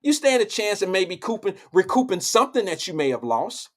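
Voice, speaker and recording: Man, live show host, high voice, blunt, profane, heated commentary. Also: sing-song, brisk. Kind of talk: political commentary.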